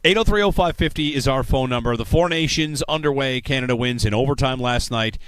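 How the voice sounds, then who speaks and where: Conversational sports radio host, dry mic. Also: male voice, medium pitch, a little fast, a bit bright, clean tone, no room sound. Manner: conversational, rambling, reads promos. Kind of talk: sports talk radio banter. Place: radio studio.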